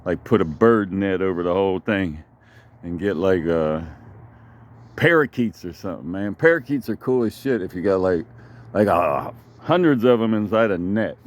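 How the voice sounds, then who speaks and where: A man's voice: low-pitched, animated, normal speed. A man telling a long, meandering story in a casual vlog, cursing freely and drifting from one thought to the next. He speaks outdoors in his backyard. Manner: rambling, profane, digressive storytelling.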